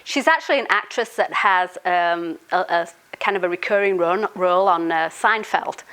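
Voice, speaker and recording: A woman's voice: on the low side, normal speed, fairly bright tone, low-quality recording. A woman telling a casual, chatty anecdote, often laughing and filling gaps with "um" and "you know.". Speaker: author and storyteller.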